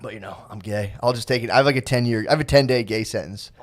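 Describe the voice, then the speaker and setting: A man's voice: mid-range voice, very fast. An American man co-hosting a podcast, talking in a rambling, self-mocking way with many restarts. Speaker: podcast co-host. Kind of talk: casual podcast banter.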